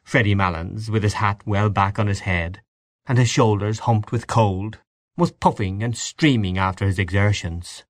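A man narrating a classic story in a measured, expressive reading. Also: on the low side, no echo, clean studio sound.

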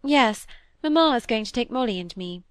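A woman reading the part of a witty, playful young Victorian woman, light and teasing, a little higher in pitch. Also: lively intonation, normal speed, no echo, studio quality, lightly acted. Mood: gentle. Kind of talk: audiobook character reading.

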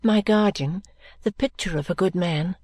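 A woman narrating a classic novel as an audiobook, in a measured, gentle reading. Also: lowish voice, no room sound.

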